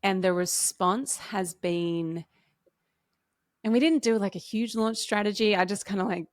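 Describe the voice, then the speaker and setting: A woman's voice: medium pitch, dry recording, studio quality. A woman guest on a podcast, a marketing coach speaking earnestly and encouragingly in casual conversation. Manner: earnest, encouraging, speeds up and slows down.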